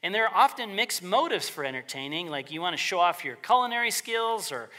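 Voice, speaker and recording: A male pastor delivering a relaxed, conversational sermon, his voice bright and forceful. His pitch swings widely as he talks, and he slips into quick character voices for the people he quotes.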